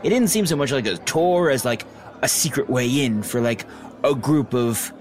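A man playing a tabletop game who talks in a relaxed, rambling way, full of fillers like "like" and "you know". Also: mid-range voice, normal speed. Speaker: player. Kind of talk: casual tabletop play.

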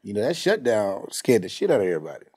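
Animated man hosting a podcast. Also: fairly low pitch, quick pace, breathy edge. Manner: animated, slangy, profane storytelling. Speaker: podcast host. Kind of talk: casual podcast chat.

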